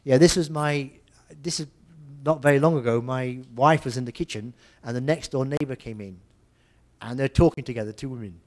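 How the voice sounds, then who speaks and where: An older man lecturing on English pronunciation in a lively way, acting out examples and telling funny anecdotes. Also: mid-range voice, brisk. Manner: lively, demonstrative, tells humorous anecdotes. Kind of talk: seminar lecture.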